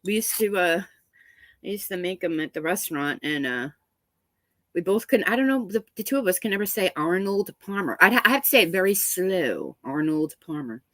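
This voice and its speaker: A woman with a head cold chats on a live stream from a small room at home, sounding a bit congested. She rambles, laughs often and greets viewers by name. Her voice is mid-pitched and close to a dry mic. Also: fast talker, fairly bright tone, no room sound, poor audio. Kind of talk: casual live-stream chat.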